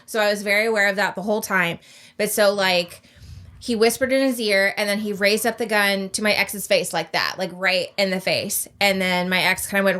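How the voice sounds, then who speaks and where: A woman sits in with her co-host and tells a story in a relaxed, rambling way. She says "like" all the time and laughs through the telling. Her voice is bright and forward. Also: mid-range voice, normal speed. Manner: chatty, filler-heavy, frequent "like". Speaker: co-host of a TV reaction channel. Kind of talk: casual storytelling in a reaction video.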